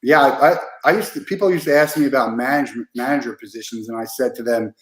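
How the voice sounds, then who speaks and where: A man's voice: mid-range voice, quick pace, few pauses. A man hosting an interview, talking casually with lots of fillers and restarts. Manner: conversational, many fillers and restarts. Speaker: podcast host. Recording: echoey room.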